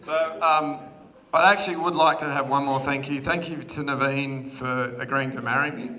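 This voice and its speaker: A man's voice: medium pitch, steady tone, moderate pace, pushed and bright. An Australian man in his thirties giving a chatty, self-deprecating wedding speech as the groom, laughing often. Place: wedding reception hall. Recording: guest chatter in a large hall. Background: crowd of guests.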